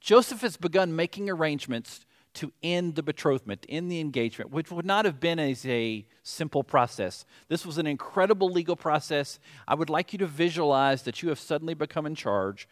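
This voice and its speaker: A middle-aged man with a Southern accent preaching a sermon, telling a story in an animated way with joking asides. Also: a little high, fairly quick, hardly any pauses. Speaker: pastor.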